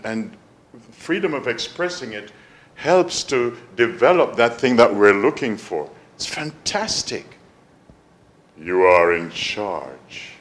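A man from Jamaica, telling a personal story in a soft, musing way with some gentle self-mockery. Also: mid-range voice, echoey room, slight background noise, rough recording.

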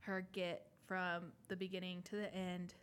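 A woman's voice: fairly low pitch, little pitch movement, a little slow, a bit bright, clear, resonant tone. A young woman in casual chat, enthusiastic and slangy, swearing as she talks with friends.

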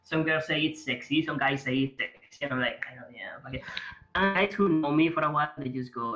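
A man's voice: fairly high pitch, a little fast, pushed and bright, poor audio. A Spanish man with a strong Spanish accent, guest on a podcast, chatting in a rambling, profane, self-mocking way. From Spain. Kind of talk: casual chat. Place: home room.

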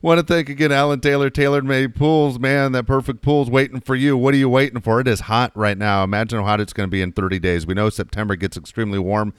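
A man's voice: medium pitch, fairly even intonation, quick pace, hardly any pauses, clear, resonant tone, dry recording, clean studio sound. A man co-hosting a talk show, hyping sponsors with emphatic, casually profane talk. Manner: hyped and emphatic, swears casually. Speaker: radio show co-host.

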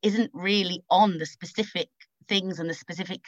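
A woman discussing ideas thoughtfully, pausing to search for the right words. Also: on the low side, steady tone, no room sound, muffled recording. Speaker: panelist. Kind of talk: casual discussion.

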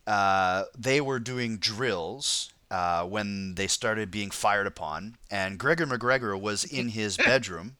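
A man's voice: fairly low pitch, takes it slowly, hardly any pauses, pushed and bright, clean tone, no echo. A man hosting a casual podcast, telling a history story in a rambling way, with lots of fillers and laughter. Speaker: podcast host.

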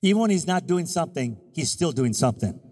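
A pastor in his fifties preaching in a church, animated and joking as he acts out little scenes. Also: on the high side, fast talker, long reverb tail. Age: 50s. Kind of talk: sermon.

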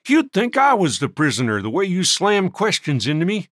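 A man voicing a gruff, domineering frontier miner acting as judge, speaking bossily. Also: high voice, wildly swooping pitch, moderate pace, fairly bright tone, no echo, clean studio sound, voice pushed up, heavily acted. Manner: gruff, bossy.

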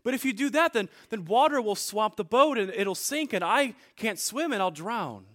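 Man reading a selfish storybook prince, raised pitch, haughty and lively. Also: moderate pace, full character voice. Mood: panicked. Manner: haughty, then frantic and pleading. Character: proud young prince, selfish then panicking.

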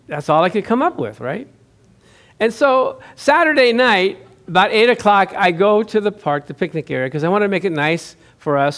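A man's voice: a little high, creaky. A man pastor giving a sermon, telling a chatty personal story and laughing often.

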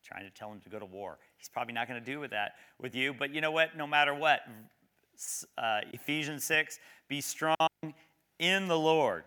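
Bright, clear-voiced male preacher. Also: mid-range voice. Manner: conversational preaching, asks the congregation questions; reads scripture slowly and emphatically. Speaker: pastor. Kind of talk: sermon with scripture reading.

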